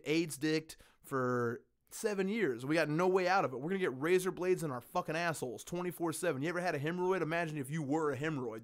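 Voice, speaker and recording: A man hosting a podcast in casual chat, ranting with lots of swearing and animated storytelling. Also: fairly high pitch. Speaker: podcast host.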